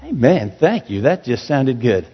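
Joking pastor in an echoey hall. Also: male voice, mid-range voice, sing-song, unhurried. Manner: conversational, self-joking preaching. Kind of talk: sermon. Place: church sanctuary. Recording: dull echoey hall recording.

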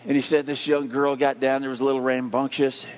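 A man's voice: medium pitch, little pitch movement, fairly quick. Emphatic male pastor preaching, muffled recording. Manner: emphatic, asks the congregation questions. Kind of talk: sermon. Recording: dull lo-fi recording.

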